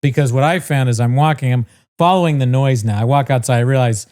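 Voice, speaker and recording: Co-hosting a podcast, a man with a medium-pitched, slightly mellow voice talks fast as he casually spins a long story, cursing freely and imitating the people in it.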